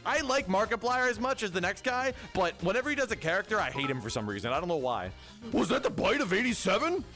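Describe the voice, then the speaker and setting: Young male streamer, joking and rambling, high animated voice, faint music. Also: fast. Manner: joking, rambling, talks to chat. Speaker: VTuber streamer. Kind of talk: casual livestream chat.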